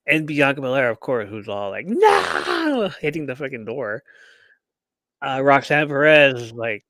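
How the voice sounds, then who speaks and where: A man hosting a podcast, recapping a wrestling match in casual chat. He tells it as a lively story, acting out what people said and swearing lightly. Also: mid-range voice, moderate pace, dry recording, studio quality. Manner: animated storyteller who acts out quotes and swears casually. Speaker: podcast host.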